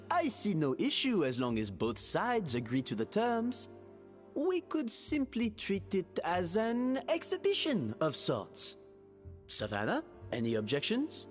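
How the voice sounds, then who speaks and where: Brief: a theatrical game host, high-ish, wildly swooping, grand. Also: male voice, huge pitch swings, slow, soft background music, full character voice. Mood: amused. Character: theatrical adult man announcing a formal contest. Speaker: game character presiding over a cooking contest. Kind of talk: video game voice acting.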